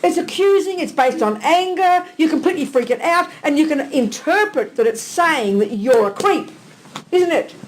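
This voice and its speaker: Woman, Buddhist teacher at a live talk, high-pitched, blunt and teasing, rapid rhetorical questions. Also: expressive. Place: teaching hall with a live audience.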